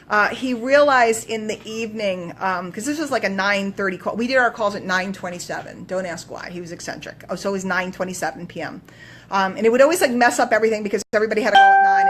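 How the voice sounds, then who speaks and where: A woman coach telling a story on a live stream, emphatic and animated, swinging between loud bursts and quiet asides. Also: a little high. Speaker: business coach.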